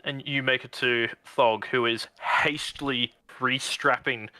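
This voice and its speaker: A man's voice: medium pitch, steady tone, measured pace, heavy background noise. A man narrating a tabletop game as game master, casual and laughing, swearing freely.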